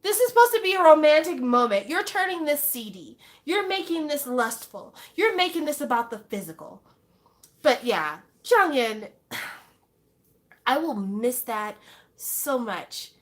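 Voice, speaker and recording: Animated young woman gushing casually. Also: sits high, a little slow. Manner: animated, exclaiming, rhetorical questions. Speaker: fan vlogger. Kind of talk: casual fan monologue.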